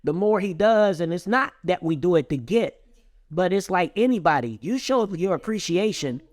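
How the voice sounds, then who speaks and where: A man's voice: high voice, lively intonation, normal speed, dry recording, studio quality. Man hosting a faith talk. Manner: preacherly, explains with analogies. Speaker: host. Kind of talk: casual interview, faith talk.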